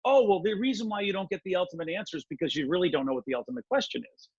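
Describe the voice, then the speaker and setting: A man voicing a calm giant computer. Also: high voice, rapid-fire, husky, no echo, highs cut off, heavily acted. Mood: deadpan. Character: giant all-knowing computer from a story.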